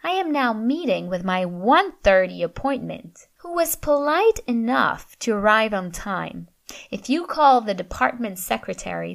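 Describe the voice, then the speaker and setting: A woman's voice: medium pitch, creaky. A woman voicing a curt, formal female professor who talks in clipped, icy sentences. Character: stern, curt female professor, middle-aged.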